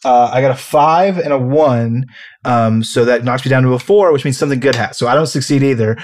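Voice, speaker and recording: A man's voice: mid-range voice, brisk, a little mellow, a little hiss or hum. A man playing a tabletop role-play game, explaining rules in a rambling, casual way with some swearing.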